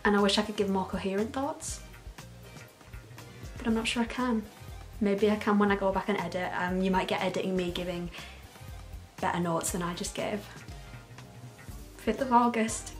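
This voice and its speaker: A woman's voice: mid-range voice, moderate pace, long pauses, soft background music. Gushing woman fan, laughs a lot. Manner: excitable and gushing, laughs often. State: emotional, close to tears. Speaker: vlogger reacting to a trailer. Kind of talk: casual, unscripted reaction commentary.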